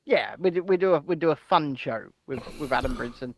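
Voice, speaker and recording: A man co-hosting an irreverent news chat show, loud, jokey and swearing. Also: fairly high pitch, lively intonation, a little fast, gravelly. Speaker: podcast co-host.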